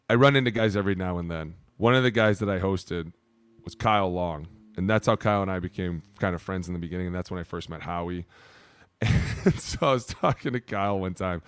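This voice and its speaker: A man in his thirties, a podcast co-host telling stories in a loose, profane, animated way. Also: sits low, clean tone, dry recording. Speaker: podcast co-host, former player. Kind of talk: casual storytelling chat.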